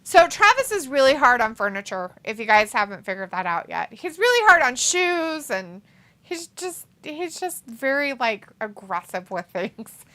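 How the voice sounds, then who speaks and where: A woman hosting a livestream in casual chat, animated and cursing freely, often laughing. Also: on the high side, moderate pace. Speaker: stream host.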